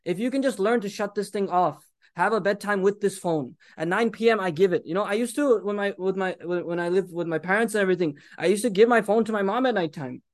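A man in his thirties delivers an impassioned sermon in a strikingly high voice, weaving Arabic phrases through his urgent appeals to the listeners. The recording is dry and close, with no room sound. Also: fast, dry recording. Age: 30s. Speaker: preacher.

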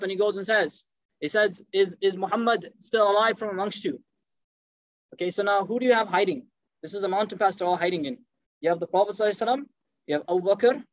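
A man telling a story in a lively sermon, acting out the quoted speech and mixing in Arabic phrases. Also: high voice, no room sound. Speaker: preacher. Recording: dull, dry lo-fi sound.

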